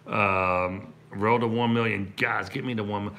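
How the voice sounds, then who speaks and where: A man's voice: lowish voice, fairly even intonation, a little slow, sharp tone, a little hiss or hum. A middle-aged man from Kentucky, a comedian chatting casually on a livestream, rambling through a story with restarts and asides to viewers. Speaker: comedian and prank video host.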